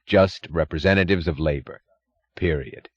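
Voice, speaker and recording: A man's voice: sits low, normal speed, no room sound, muffled recording. A man reading an audiobook, voicing a tough, muscular union boss who talks evenly, bluntly and sardonically. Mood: sardonic.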